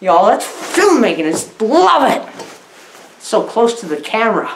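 Woman, comedic reviewer; mock-naive, chatty, high lively voice, roomy echo. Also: unhurried, a little hiss or hum. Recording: echoey room.

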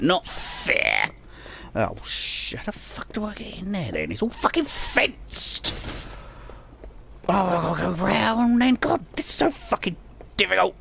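Sweary, gravelly man gaming. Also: high-pitched, a little hiss or hum. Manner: sweary, excitable, mutters to himself. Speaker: gamer. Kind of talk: profane let's play commentary.

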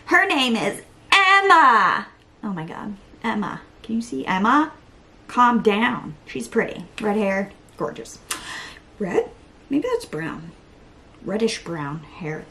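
Lively self-mocking young woman vlogger. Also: mid-range voice, takes it slowly, rough recording. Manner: chatty, self-deprecating, talks to herself, drops to whispers. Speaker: beauty vlogger. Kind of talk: casual makeup tutorial chat.

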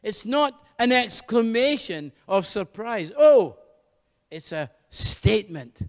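Man, pastor, sermon, high pitched, fervent, long church reverb. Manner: fervent, repeats hallelujah.

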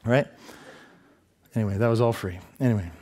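A male pastor preaching a sermon, telling stories with lively asides and self-deprecating humor. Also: lowish voice, brisk. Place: church sanctuary.

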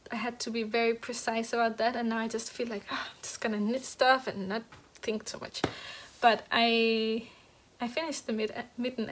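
A woman hosting a knitting podcast, chatting casually about her projects, halting with many fillers and restarts and a little out of breath. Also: on the high side. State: slightly out of breath. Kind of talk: casual show-and-tell chat. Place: at home next to a heater.

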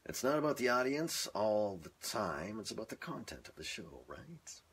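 A man's voice: on the low side, sing-song, moderate pace, fairly bright tone, slightly rough. A man in his garage practicing voice-over script reads into a microphone, repeating each line in different ways and chatting between takes. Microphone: microphone on a stand, phone in front.

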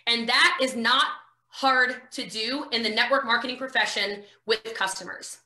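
An American woman in her thirties running a live network marketing training. She talks fast, gives orders and jokes with her viewers. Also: fairly high pitch. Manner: fast, energetic, bossy, joking. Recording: roomy echo.

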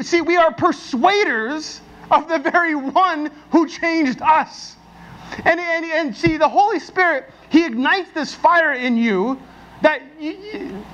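A man preaching a sermon as pastor, talking in a casual, animated way full of restarts and stories. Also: very high-pitched, dull audio. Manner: conversational and animated, with frequent restarts and anecdotes.

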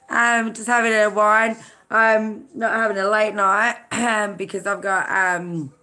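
Chatty bright-voiced woman live-streaming. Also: on the high side. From Australia. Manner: chatty, greets viewers by name, many fillers. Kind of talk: casual live-stream chat.

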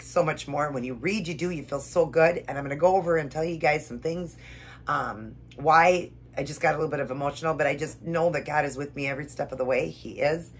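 Low and husky, a woman's voice carries an earnest, emotional devotional vlog in which a keto vlogger prays, reads scripture and eats while talking to viewers at home. She repeats herself as she goes.

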